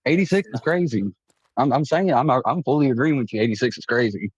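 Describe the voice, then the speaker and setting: A man chatting casually as a co-host, relaxed and joking, with casual swearing. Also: mid-range voice, a little fast, slightly rough, dry recording. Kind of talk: casual chat. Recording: dull dry sound.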